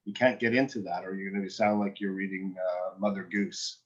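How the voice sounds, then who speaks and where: A man's voice: deep voice, little pitch movement, brisk, highs cut off. A man working as an acting coach, giving a student direct and encouraging feedback in a one-on-one session, often restarting his sentences.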